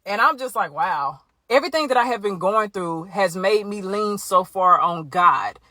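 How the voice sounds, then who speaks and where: A woman's voice: medium pitch, expressive, moderate pace, sharp tone, dry recording. A woman giving an earnest, conversational faith testimony straight to her viewers. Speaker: Christian vlogger. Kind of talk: candid faith testimony to camera.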